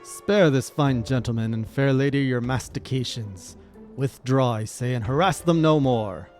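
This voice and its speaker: A man voicing a pompous, theatrical undead gentleman from a video game, declaiming his lines grandly. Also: mid-range voice, moderate pace, faint music behind, natural voice. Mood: grandiose.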